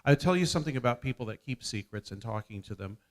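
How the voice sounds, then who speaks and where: A man speaking on a conference panel, measured and hesitant, with frequent fillers. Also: medium pitch, lively intonation.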